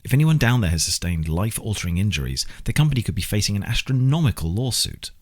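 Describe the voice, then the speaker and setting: A man's voice: on the low side, very animated, fast, pitched above the performer's own voice. A man voicing an earnest, insistent compliance officer. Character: anxious male compliance officer, expectant father. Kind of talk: audiobook character reading.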